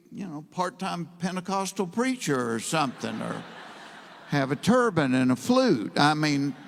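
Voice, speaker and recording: Man telling a stand-up story. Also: fairly high pitch. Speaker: stand-up comedian. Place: stage in a large hall. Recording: hall reverb.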